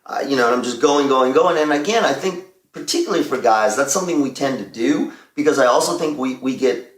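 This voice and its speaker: A man's voice: mid-range voice, animated, fast talker, roomy sound. A man co-hosting a radio show, talking openly and reflectively in casual chat. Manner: reflective, open about his feelings. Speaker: radio co-host.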